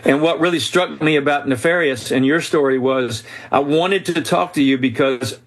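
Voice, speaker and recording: A man's voice: on the high side, normal speed. A man, a guest author, telling a personal story in a podcast interview, acting out the voices of the people in it. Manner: animated storyteller who voices quoted people.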